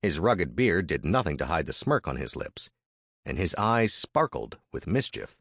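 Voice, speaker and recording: A man narrating a frontier story in the first person, measured and expressive. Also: deep voice, no room sound, clean studio sound.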